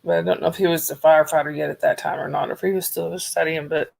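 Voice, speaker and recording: A woman from Georgia, chatting softly and rambling on a livestream while losing her voice. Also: low-pitched, steady tone, fast talker, vocal fry. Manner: soft-spoken, rambling, talks to chat viewers by name. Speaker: livestream host. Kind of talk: casual livestream chat.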